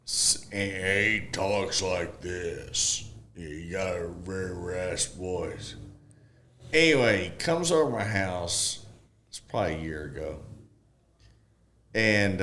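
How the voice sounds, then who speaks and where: A lower-pitched man in his forties spins a folksy yarn as a podcast guest. He acts out each quoted line, his pitch leaping up and down as he goes. Faint background noise lingers under his voice. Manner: folksy, animated, retells dialogue with lively pitch jumps. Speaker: podcast guest, construction expert. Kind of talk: casual storytelling chat.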